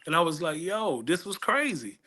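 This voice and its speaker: Bright-voiced man telling stories animatedly. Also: fairly high pitch, normal speed. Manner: animated storyteller, acts out others' voices. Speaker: comedian guest. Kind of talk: podcast interview storytelling.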